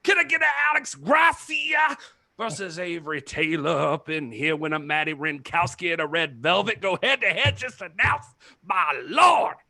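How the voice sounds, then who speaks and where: A man voicing a fiery Southern Baptist preacher who preaches loudly and calls out for amens. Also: lively intonation, normal speed, vocal fry, heavily acted. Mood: fervent. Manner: booming revival preaching, calling for amens.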